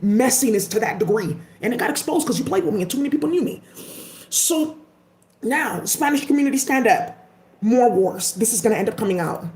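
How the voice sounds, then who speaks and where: High-voiced woman ranting with profanity. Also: animated, fairly quick, a little mellow. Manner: profane, emphatic. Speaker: vlogger. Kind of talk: casual ranting commentary. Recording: echoey room.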